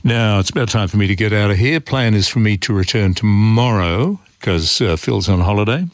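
Man, Australian accent, talkback radio host, lowish voice, dry close studio sound. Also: moderate pace, no echo. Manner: relaxed and opinionated, reads listener texts.

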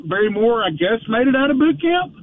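A man's voice: very high voice, very animated, brisk. A man calling in to a radio talk show, chatting casually and rambling with many restarts. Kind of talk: casual call-in chat. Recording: muffled phone line with faint hiss.

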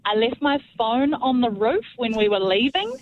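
A woman's voice: fairly high pitch, sing-song, normal speed, a little hiss or hum. A woman calling in to a radio show, telling a rambling story and laughing at her own bad luck. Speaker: caller. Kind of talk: phone-in story. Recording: tinny phone line.

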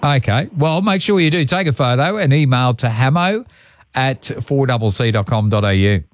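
A man with an Australian accent hosting morning radio, chatting with callers and reading ads in a relaxed, friendly way. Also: mid-range voice, moderate pace, dry recording, studio quality. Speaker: radio breakfast host. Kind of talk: casual radio chat and live ad reads.

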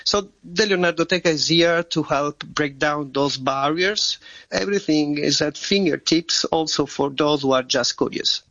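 A man's voice: on the high side, normal speed, bright, forceful tone, dry recording, dull audio. A man with an Italian accent and Italian as his first language, a museum director explaining things earnestly in an interview, with occasional slips in his English. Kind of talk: remote interview.

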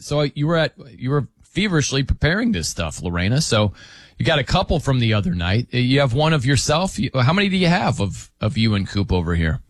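A sports radio host with a mid-range voice talks a little fast and very animatedly into a studio microphone on his casual talk show, in a dry recording. He's chatty, laughs often and mimics how other people pronounce things.

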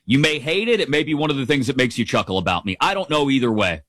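Brief: male sports host, mid pitch, animated and jokey, very dry close sound. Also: fast talker, no echo. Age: adult, father of a teenager. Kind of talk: casual football commentary.

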